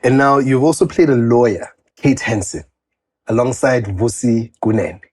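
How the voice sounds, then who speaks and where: A man interviewing a guest, enthusiastic and quick to affirm her answers. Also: medium pitch, a little mellow, husky. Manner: enthusiastic, frequent short affirmations. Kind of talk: interview questions and ad read.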